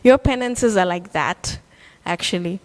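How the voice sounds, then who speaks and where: A woman voicing a calm, all-powerful male deity who explains patiently. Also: fairly low pitch, a little slow, in a large hall, close to an everyday voice.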